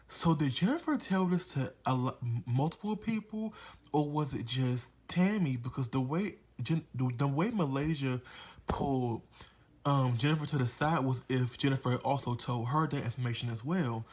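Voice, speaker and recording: A man recapping a reality TV episode in a loose, chatty way. He is blunt and gossipy and swears freely as he runs through the drama. His voice sits at an ordinary middle pitch for a man. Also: darkish tone. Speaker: reality TV reviewer. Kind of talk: casual episode recap commentary.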